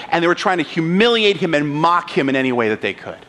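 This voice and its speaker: A pastor with a rather high voice delivers a sermon. He reads scripture aloud and slips into the sneering voices of the crowd, then drops back to a slower, grave tone. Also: expressive, a bit bright. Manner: dramatic, acts out mocking voices of the crowd.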